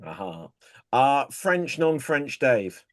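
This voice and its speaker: A man's voice: mid-range voice, sing-song. A man hosting an improv comedy game, calling on players by name and telling his own bar jokes in a casual way. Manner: unhurried, calls on players by name.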